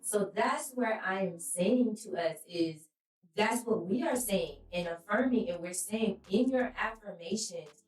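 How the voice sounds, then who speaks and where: A woman's voice: medium pitch, roomy sound, recorded from a distance, rough recording. A woman co-hosting a faith-based podcast, talking in an emphatic, preacherly way and telling stories with animation. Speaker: podcast co-host.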